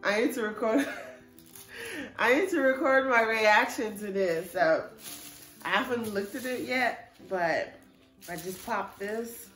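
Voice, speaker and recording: A woman chatting excitedly in a casual vlog at home, gushing over an unboxing, a little stuffy from a cold; English is not her first language. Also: a little high, slow pace, pauses often, soft background music. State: slightly congested from a cold. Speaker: vlogger.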